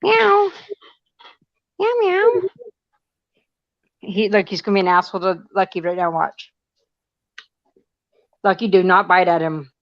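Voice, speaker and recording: A woman's voice: on the low side, steady tone, normal speed, long pauses, no echo. A woman in a casual live chat, rambling and chatty, cooing in baby talk at her cat. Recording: dry, slightly muffled lo-fi audio.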